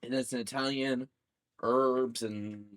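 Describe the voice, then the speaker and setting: A man's voice: mid-range voice, takes it slowly. Teasing man chatting on a podcast. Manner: teasing, animated storytelling. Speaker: podcast co-host. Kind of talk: casual chat.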